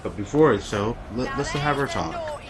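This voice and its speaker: A man giving casual let's-play commentary, rambling and talking straight to his viewers, often breaking into excited exclamations. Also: mid-range voice, unhurried, heavy background noise. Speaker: gameplay commentator.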